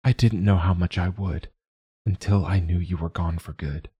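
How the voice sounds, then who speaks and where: A serene, solemn woman of the sea folk, as a male narrator voices her, soft-spoken and calm with a dry, teasing edge. The voice stays husky and low, close and dry. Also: normal speed, no room sound. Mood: tender.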